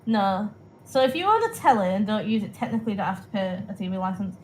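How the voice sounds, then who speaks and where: A woman's voice: mid-range voice, animated, fast, a little mellow, low-quality recording. Young female co-host from Britain, amused explainer, slight noise behind her. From United Kingdom. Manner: laughing, explaining. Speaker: podcast co-host. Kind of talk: casual chat.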